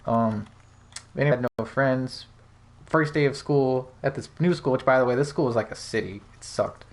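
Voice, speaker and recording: A man's voice: mid-range voice, moderate pace. A young man hosting a casual gaming podcast, telling personal stories in a candid, rambling way with plenty of fillers. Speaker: podcast host.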